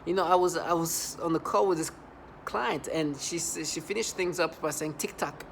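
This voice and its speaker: A man's voice: fairly high pitch, normal speed, gravelly, fairly bright tone, a little hiss or hum. A man vlogging an angry monologue, agitated and repetitive, often stumbling and restarting his sentences.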